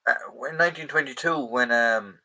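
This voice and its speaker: A man's voice: mid-range voice, normal speed, bright, forceful tone, poor audio. An Irish man hosting a casual livestream Q&A, chatting loosely, reading viewer comments aloud and answering them, and correcting himself as he goes. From Ireland. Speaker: host of a live chat stream.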